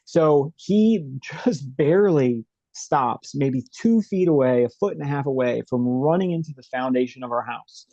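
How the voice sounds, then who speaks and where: A man's voice: medium pitch, moderate pace, few pauses, mellow, no room sound, muffled recording. A man being interviewed from home over a video call, telling a story vividly and often checking in with "right?". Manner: vivid retelling, frequent "like" and "right?". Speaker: interview guest. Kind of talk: animated storytelling.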